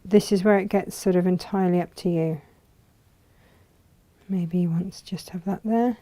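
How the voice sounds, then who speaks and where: A woman's voice: fairly low pitch, fairly even intonation, moderate pace, dark tone. A woman hosting a live textile craft demonstration, chatting and thinking aloud as she works.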